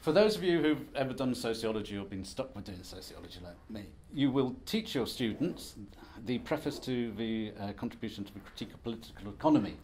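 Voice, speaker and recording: A man's voice: on the low side, a little mellow, a little hiss or hum. A man giving a conference presentation as an academic, lecturing in a wry, self-deprecating, conversational way. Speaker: academic speaker.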